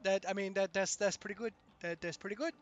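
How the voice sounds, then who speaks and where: A man's voice: sits high, fairly even intonation, lo-fi sound. A man streaming a game, chatting casually with a co-player and viewers, often stopping and restarting his sentences. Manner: halting, many restarts and fillers. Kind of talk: casual chat while gaming.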